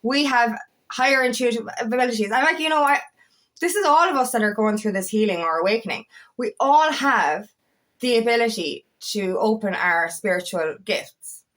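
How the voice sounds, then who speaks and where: A young woman, a coach talking excitedly and rambling, swearing freely as she speaks to camera. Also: fairly high pitch, moderate pace. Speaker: empowerment coach. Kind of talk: casual talking-to-camera monologue.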